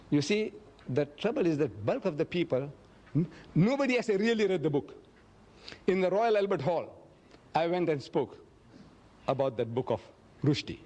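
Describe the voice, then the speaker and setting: A man lecturing in a fairly high voice, answering questions from the floor. He tells his stories emphatically, raising his voice to act out the quotes. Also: warm tone. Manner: emphatic, storytelling, acts out quotes with a raised voice. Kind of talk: public lecture Q&A. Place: lecture hall.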